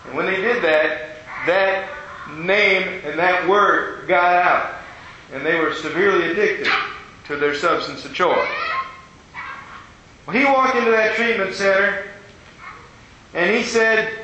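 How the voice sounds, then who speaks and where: A man's voice: high-pitched, measured pace, pushed and bright. A man preaching a sermon, telling a story in a folksy way and acting out the voices of the people in it. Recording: dull, echoey hall with faint ambience.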